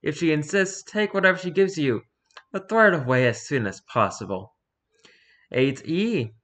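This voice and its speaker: A man reading a rules-style horror story aloud for his channel, lively, with occasional stumbles and restarts. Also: on the high side, normal speed. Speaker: YouTuber reading horror stories.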